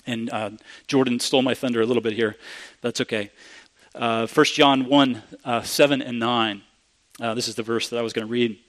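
A man's voice: medium pitch, fairly even intonation, moderate pace. Man preaching a conversational sermon. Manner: conversational, restarts often, grows emphatic when quoting.

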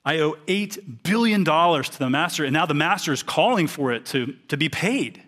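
A man's voice: on the high side, expressive, normal speed, fairly bright tone. Earnest man preaching a sermon. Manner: earnest, reads scripture aloud then explains it.

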